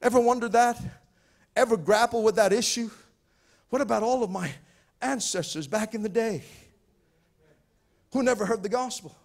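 A male pastor preaching a sermon, stammering and repeating words, building to shouted fervor. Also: sits high, normal speed, vocal fry, pauses often. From Pacific Islands. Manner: repetitive stammering restarts, rising to shouting fervor.

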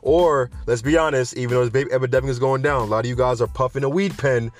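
A man hosting a news show in a loose, ranting commentary style, slangy and animated, often veering off topic to talk straight to his viewers. His voice sits at a middling pitch, with faint music underneath. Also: fast. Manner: animated, digressive, slangy, addresses viewers directly. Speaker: host of a cannabis news show. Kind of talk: casual news commentary with rants.

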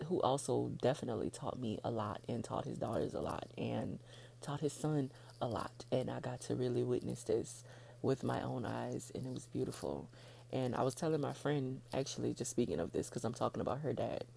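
Very gravelly, dark-voiced woman podcaster. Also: a bass voice, normal speed, a little hiss or hum. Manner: chatty, frank, laughs often, swears casually; heartfelt, gets emotional. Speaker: podcast host. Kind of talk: casual solo podcast chat.

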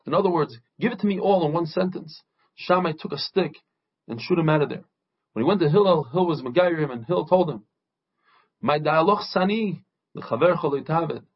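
A husky man with a fairly high voice teaches a daily Talmud lesson. He retells its stories with energy and briefly acts out each quoted speaker. The recording sounds dull and lo-fi. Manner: lively storytelling, acting out quoted speakers.

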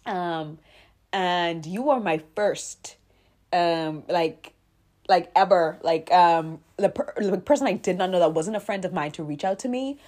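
A woman hosting a faith podcast, talking straight to her listeners, earnest and emotional, close to tears, sometimes rising loud and sometimes dropping to a whisper. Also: fairly low pitch, a little slow. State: tearful. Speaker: podcast host.

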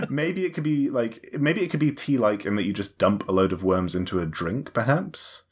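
A man's voice: mid-range voice, sing-song, normal speed, breathy edge. A man hosting a podcast in a studio, bantering playfully and defending himself in mock seriousness. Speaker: podcast host. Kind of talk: casual banter.

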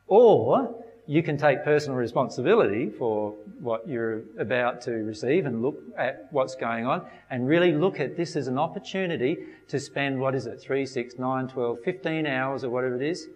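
A man's voice: mid-range voice, normal speed, a little mellow. A man giving an informal spiritual talk to a group, speaking conversationally and often checking in with his listeners. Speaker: spiritual teacher. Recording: dull sound with long hall echo.

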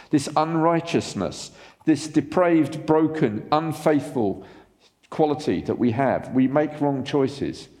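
A man preaching a sermon as pastor, animated and asking the congregation rhetorical questions. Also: a little high, in a large hall.

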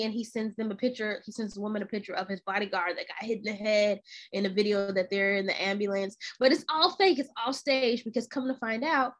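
A young woman co-hosting a podcast, retelling a story in animated, slangy casual chat. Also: medium pitch, brisk. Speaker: podcast co-host.

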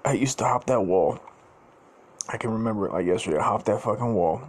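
A man's voice: lowish voice, brisk, husky. A man hosting a podcast and telling a personal story in a casual, profane, rambling way, repeating himself and laughing often. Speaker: podcast host.

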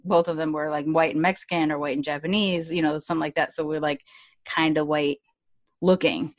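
Low-voiced woman interviewer, casual. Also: fairly quick, dry recording. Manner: relaxed, laughs easily, thinks aloud.

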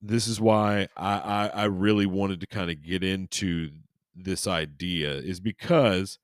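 Low-voiced man rambling on a podcast. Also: steady tone, unhurried, no echo, clean studio sound. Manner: rambling and jokey, with many restarts and crude asides. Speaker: podcast host. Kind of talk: casual chat and reading aloud.

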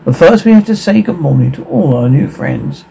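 A man reading the lines of a gentle young girl talking softly to unseen friends. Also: a little high, lively intonation, normal speed, creaky, a little hiss or hum, poor audio. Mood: wistful.

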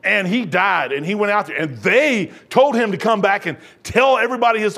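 A gravelly, high-voiced pastor in his sixties preaches at a normal speed, folksy and animated. He alternates hushed asides with loud outbursts and voices the figures in his stories.

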